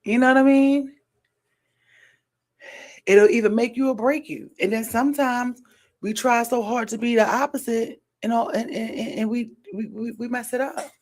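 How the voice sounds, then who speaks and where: A woman's voice: fairly high pitch, moderate pace. Emphatic woman podcast host. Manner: emphatic, repeats phrases for stress; animated, swings loud and soft. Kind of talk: casual chat.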